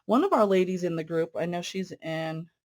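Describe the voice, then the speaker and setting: A woman's voice: lowish voice, expressive, moderate pace, darkish tone. A woman hosting a casual cross-stitch video, chatting in a friendly, rambling way with fillers while she stitches. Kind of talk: casual stitch-along chat.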